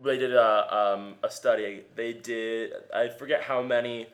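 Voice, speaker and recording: A man's voice: mid-range voice, fairly even intonation, a little slow, a bit bright. A man co-hosting a casual talk show, eagerly listing facts and often restarting his sentences. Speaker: podcast co-host. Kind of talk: casual chat.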